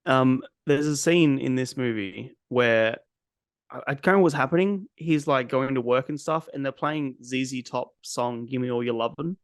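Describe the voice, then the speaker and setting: A man's voice: medium pitch, normal speed, no echo. A man talks through films in a loose podcast chat, blunt and cynical, with a good deal of swearing. His voice sits in a middle range. The sound is close and dry, with no room around it. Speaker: podcast host. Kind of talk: casual movie review chat.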